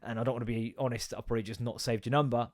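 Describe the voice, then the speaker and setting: A man's voice: mid-range voice, steady tone, very fast. A man in his thirties hosting a solo comedy podcast, ranting and swearing with self-mocking asides.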